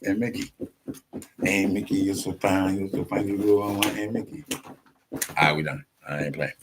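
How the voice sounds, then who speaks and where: A man's voice: sits low, steady tone, normal speed, noisy background. A man telling rambling stories in a loose, slangy, profane monologue, acting out other people's voices and laughing often.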